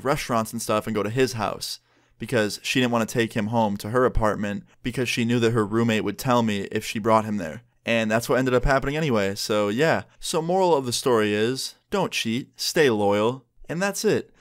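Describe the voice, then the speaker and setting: A man's voice: mid-range voice, moderate pace. A young man in his twenties, chatty and candid, casually swearing as he tells a storytime vlog. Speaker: vlogger.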